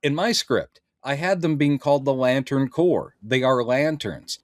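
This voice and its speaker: A middle-aged man talking on a podcast, rambling with plenty of "uh"s and restarts. His voice sits right at the mic with no room around it. His pitch is ordinary for a man. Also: unhurried, dry recording, clean studio sound. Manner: rambling, hesitant with many fillers. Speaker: podcast host. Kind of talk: casual podcast chat.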